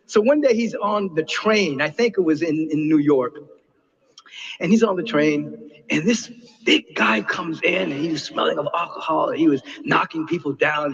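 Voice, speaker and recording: A male spiritual teacher preaches with passion, swinging from hushed intensity to soaring highs. His voice sits a little high and sounds husky. The recording is dull and lo-fi. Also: in a large hall. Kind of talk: inspirational sermon.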